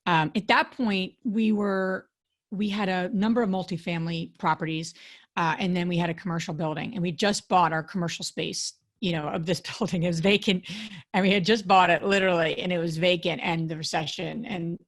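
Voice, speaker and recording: Lower-voiced woman guest, friendly and talkative. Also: fairly even intonation, fairly quick. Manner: friendly and talkative, with "you know" and "um" fillers. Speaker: guest, real estate investor. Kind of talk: casual podcast interview.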